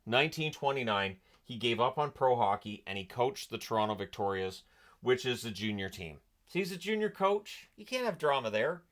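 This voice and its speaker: A man's voice: medium pitch, sing-song, normal speed, fairly bright tone. A man hosting a casual history vlog, telling the story in a sarcastic, amused way with lots of filler words. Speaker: hockey history channel host.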